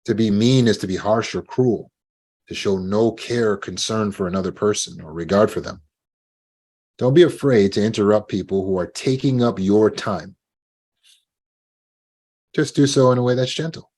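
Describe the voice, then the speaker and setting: A man giving a talk on trauma recovery, calm and gentle, now and then acting out short sample dialogues. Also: mid-range voice. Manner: gentle, acts out sample dialogues with lively shifts. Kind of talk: instructional talk.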